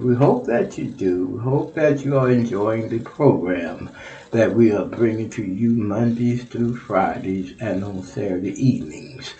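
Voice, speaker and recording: Exuberant lo-fi preacher host. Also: male voice, mid-range voice, a little mellow. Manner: exuberant, repeats phrases, laughs. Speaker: radio ministry host. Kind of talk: prayer and donation appeal. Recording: dull lo-fi audio.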